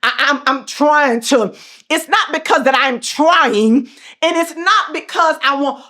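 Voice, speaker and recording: Middle-aged woman host, fiery motivational speaker, fairly high voice, repetitive, emphatic cadence. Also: a little slow. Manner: swings from soft and calm to loud and passionate. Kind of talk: motivational speech.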